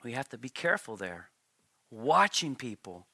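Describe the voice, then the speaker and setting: A middle-aged man preaching a sermon in church, animated, his voice climbing when he tells stories. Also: mid-range voice, normal speed, breathy edge, no echo. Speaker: pastor.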